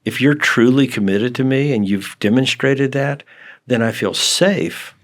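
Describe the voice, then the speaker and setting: A man chatting as a podcast guest, explaining in an animated, counsel-like way. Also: mid-range voice, a little slow. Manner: animated, acts out quoted dialogue with laughs. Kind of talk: casual conversation.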